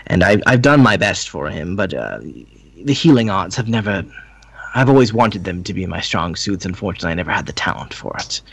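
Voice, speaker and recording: A man's voice: on the low side, a bit bright, breathy edge, full character voice. A man voicing a fatherly, shrewd merchant healer who speaks politely and trails off.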